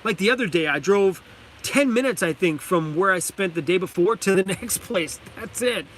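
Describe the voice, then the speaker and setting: A man's voice: high-pitched, animated, moderate pace, a bit bright, a little hiss or hum. A man from Canada chatting casually on a live stream from his van, enthusiastic, laughing often and reading chat names aloud. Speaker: vlogger hosting a live stream. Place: inside a parked van.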